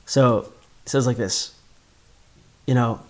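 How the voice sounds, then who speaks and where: A man's voice: medium pitch, steady tone, takes it slowly. A man giving a spoken Torah class in an earnest way, often repeating words as he builds a point. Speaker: Torah teacher.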